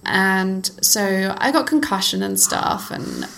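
Animated middle-aged woman telling stories. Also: medium pitch, takes it slowly, gravelly. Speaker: interview guest, former cyclocross racer. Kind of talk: casual conversational storytelling.

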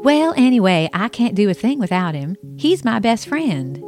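A woman's voice: medium pitch, big pitch swings, moderate pace, darkish tone, soft background music, pitched above the performer's own voice, close to an everyday voice. A woman voicing her genteel elderly Southern mother, sweet-mannered and evasive, with a Southern accent. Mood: gracious.

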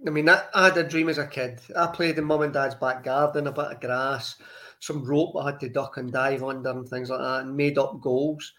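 A man's voice: medium pitch, flat delivery, normal speed, fairly bright tone. A middle-aged man, a former footballer, reminiscing plainly as an interview guest. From Scotland. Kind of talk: interview answers.

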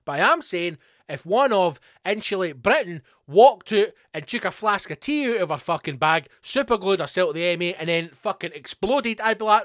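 A man's voice: high voice, lively intonation, normal speed, few pauses, a bit bright, dry recording, studio quality. A middle-aged Scottish man hosting a podcast, delivering a profane, angry ranting monologue. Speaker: podcast host.

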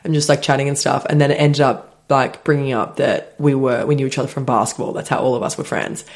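A woman's voice: extremely low pitch, steady tone, fast talker, a little mellow. A young Australian woman co-hosting a podcast, telling a story in a casual, chatty way, saying "like" often and laughing easily. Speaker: podcast co-host.

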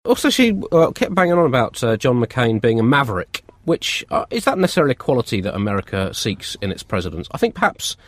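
A man co-hosting a comedy podcast, telling deadpan, absurd jokes and chuckling between them. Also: medium pitch, fast, few pauses. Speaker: podcast co-host. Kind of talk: scripted comic chat.

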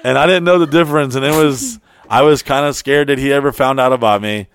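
A man's voice: medium pitch, quick pace, clean tone. A man telling a long, crude story in a casual, rambling way, swearing freely and restarting his sentences often. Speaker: podcast co-host telling a story.

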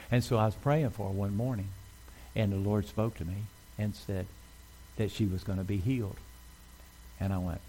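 A male pastor delivers a sermon to his congregation in an easy, conversational way, often turning to them with questions. His voice sits low and mellow. Faint room noise hangs behind him. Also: fairly even intonation, moderate pace, gravelly, poor audio. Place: church.

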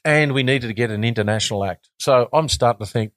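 A man's voice: mid-range voice, fast talker, dry recording, clean studio sound. Chatty Australian man telling stories. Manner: animated, repeats words and restarts. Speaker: guest, former cricketer. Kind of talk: casual storytelling.

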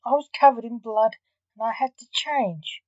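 A woman's voice: a little high, normal speed, dry recording, highs cut off, voice pushed up, lightly acted. A woman voicing a defensive male vampire magician who protests indignantly, in a storybook reading.

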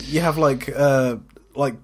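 A man's voice: mid-range voice, steady tone, takes it slowly. A man co-hosting a podcast, talking in an easygoing way and laughing often. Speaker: podcast co-host. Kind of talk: casual chat.

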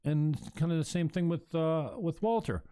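A man's voice: fairly high pitch, moderate pace, warm tone, clean tone. A man hosting a talk show, speaking bluntly and emphatically, with frequent profanity. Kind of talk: heated opinion talk.

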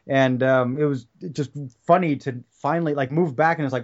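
A man's voice: medium pitch, normal speed. A man chatting on a podcast in a rambling, tangent-heavy way, often restarting his sentences. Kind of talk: casual podcast chat. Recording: slightly dull lo-fi podcast audio.

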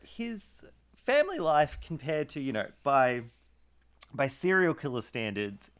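A man's voice: a little high, sing-song, a little slow, a bit bright, clean tone. A man co-hosting a casual true-crime podcast, chatty, laughing often and full of fillers. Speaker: podcast co-host.

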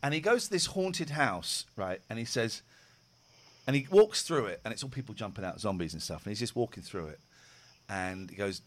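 A man's voice: lowish voice, fairly quick. A man hosting a radio show, chatting casually and telling stories with acted-out quotes. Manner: lively storytelling, acting out quotes.

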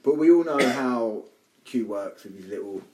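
A man co-hosts a casual podcast, talking with lively energy and tripping over repeated words as he restarts his sentences. His pitch sits in the middle of the usual male range. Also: normal speed, low-quality recording. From United Kingdom. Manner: animated, stammering restarts. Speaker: podcast co-host.

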